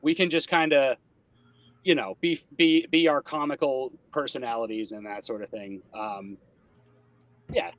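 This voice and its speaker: A man co-hosting a podcast in relaxed casual chat, sick, hedging his words with easygoing fillers. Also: medium pitch, a little slow, dry recording. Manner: laid-back, hedging with fillers. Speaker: podcast co-host.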